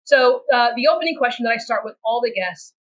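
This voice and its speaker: A woman's voice: on the high side, lively intonation, brisk, poor audio. A woman with a Texan accent hosting a podcast, moving from a scripted welcome to upbeat, chatty conversation. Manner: upbeat, chatty, trails into restarts. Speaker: podcast host. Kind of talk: hosting a podcast, scripted intro then casual chat.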